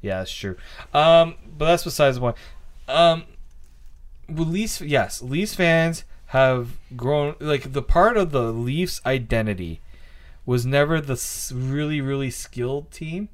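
A man's voice: medium pitch, lively intonation, slow pace. A man co-hosting a casual sports podcast, rambling and often restarting his thoughts with hesitant ums. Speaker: podcast co-host.

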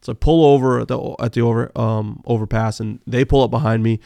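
A man telling animated, profanity-laced car racing stories as a podcast guest, full of fillers. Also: medium pitch, brisk, creaky, no echo. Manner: animated, swears freely, many fillers. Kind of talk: casual storytelling interview.

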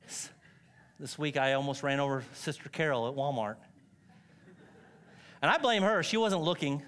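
Pastor guy preaching, jokey stories, kinda high voice, middle-aged. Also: normal speed. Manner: animated storytelling, self-mocking humor, frequent laughs. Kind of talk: sermon.

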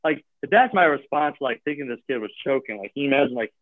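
Over a tinny, phone-like line with no room sound, a man who seems to be a gym owner or coach talks quickly and expressively at a medium pitch. He's a guest in a casual chat, wandering along with lots of fillers and restarted sentences.

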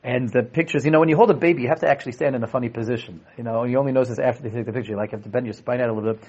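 A young man teaching a lively Torah class, animated, often restarting his sentences and acting out quotes. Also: medium pitch, rapid-fire, breathy edge. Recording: dull lo-fi classroom recording.

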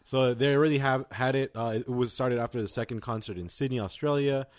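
A man's voice: medium pitch, brisk, no echo, clean studio sound. Young man chatting casually on a podcast. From Los Angeles County. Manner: chatty, lots of fillers and likes. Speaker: podcast co-host. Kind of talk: casual chat.

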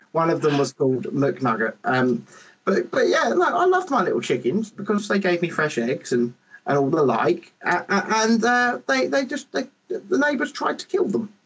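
A man hosting a casual podcast chat, animated and rambling, with lots of restarts, on a podcast microphone. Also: on the high side, normal speed, husky, rough recording.

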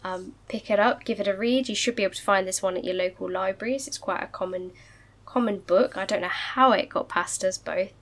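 A woman's voice: medium pitch, a little fast, fairly bright tone. Upbeat chatty woman host. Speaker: book club podcast co-host. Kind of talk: casual chat.

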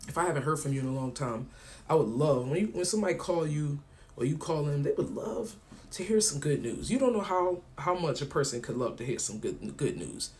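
On his own podcast, a male host drifts through a loose, colloquial monologue full of slang, recounting stories and acting out both ends of phone conversations. He sounds animated and a little mellow, with a slightly high voice and a somewhat fast pace.

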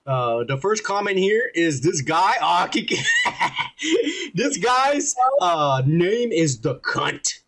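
A man with a Texan accent co-hosting a podcast in loud, profane, joking casual chat. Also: fairly high pitch, big pitch swings, slow, vocal fry. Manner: profane, boisterous, laughing often. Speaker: podcast co-host.

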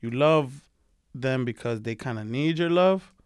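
A man speaks at a middle pitch in loose, rambling sentences that restart often, with joking asides mixed in. His voice is dry and close to the mic. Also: a little slow, smooth, no room sound. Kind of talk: casual group chat.

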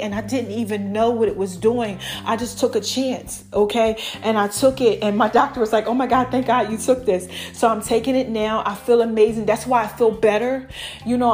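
A woman from the United States hosting her own podcast, talking casually and animatedly to her listeners. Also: mid-range voice. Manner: chatty and animated, addresses listeners as y'all. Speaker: podcast host. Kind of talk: casual solo podcast talk.

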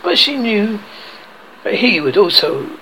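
A man narrating a children's storybook aloud, reading haltingly with frequent restarts. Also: sits high, very animated, bright, forceful tone, slight background noise, poor audio. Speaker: reader. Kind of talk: audiobook narration.

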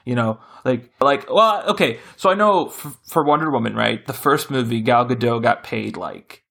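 A man with a gravelly voice hosts a relaxed podcast conversation. He rambles and corrects himself as he goes, and his pitch jumps whenever he gets animated. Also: normal speed. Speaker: podcast host. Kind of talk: casual chat.

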